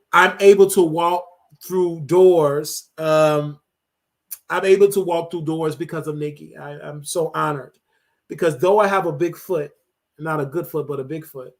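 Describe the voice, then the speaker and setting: A man in his thirties from Chicago, hosting his show and speaking in a tearful, halting monologue full of fillers and restarts. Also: on the high side. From Chicago, USA. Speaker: show host. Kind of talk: emotional personal monologue.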